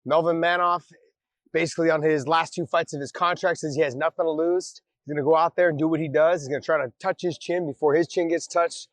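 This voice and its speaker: A man's voice: a little high, steady tone, fast, no room sound. A man co-hosting a podcast, rambling in casual chat with frequent restarts and easy laughs. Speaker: podcast co-host.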